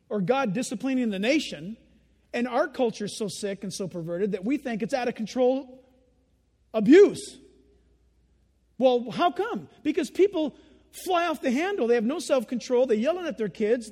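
This sermon comes from a high-voiced male pastor speaking at normal speed, his voice ringing through a church with a long hall reverb. He's animated, putting on children's voices and chuckling as he goes.

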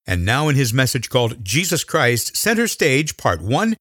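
A man reading a scripted introduction to a sermon program in a measured announcer delivery. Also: medium pitch, sing-song, fairly bright tone, dry recording, clean studio sound.

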